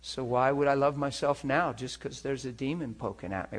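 A man's voice: medium pitch, steady tone, a little fast, few pauses. Earnest man preaching a testimony. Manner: earnest, emphatic preaching with rhetorical questions. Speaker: pastor. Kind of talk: sermon testimony.

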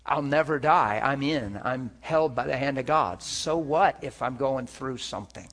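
A man's voice: medium pitch, normal speed, a bit bright. Earnest man preaching a testimony. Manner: earnest, emphatic preaching with rhetorical questions. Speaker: pastor. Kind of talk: sermon testimony.

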